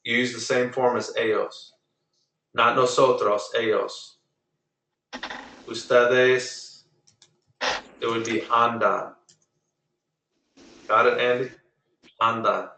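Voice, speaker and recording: Patient male Spanish teacher, bright voice. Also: mid-range voice, reverberant, rough recording. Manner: patient, drills pronunciation slowly. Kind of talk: online class lesson. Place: online video meeting.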